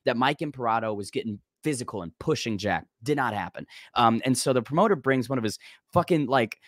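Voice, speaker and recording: Animated young man telling stories. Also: medium pitch, brisk, dry recording, clean studio sound. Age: 20s. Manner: animated, swears freely, bursts loud when worked up. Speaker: guest, combat sports commentator. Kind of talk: casual storytelling chat.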